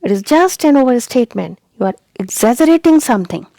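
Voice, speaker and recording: A woman's voice: fairly high pitch, lively intonation, fast, creaky, dark tone, no room sound. Lady teaching a lesson, keeps asking "you got it", dry close sound. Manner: repetitive, checks understanding with rhetorical questions. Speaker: English teacher. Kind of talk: explaining a lesson on a video channel.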